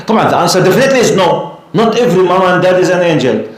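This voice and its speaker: A man giving a storytelling religious lecture to a live class, animated and often asking the audience questions. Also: high voice, fairly quick. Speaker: Islamic lecturer. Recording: echoey room.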